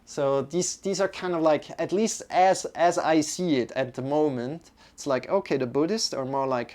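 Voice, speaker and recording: Slow, hesitant male yoga teacher. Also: on the high side, steady tone, clear, resonant tone. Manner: rambling, hesitant, many restarts and fillers. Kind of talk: live-streamed yoga class talk.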